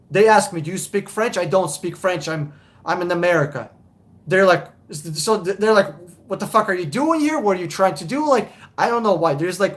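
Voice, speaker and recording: Man, high-pitched, blunt, swears freely, repeats points, casual live stream Q&A. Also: fairly bright tone. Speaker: car buying consultant, live stream host.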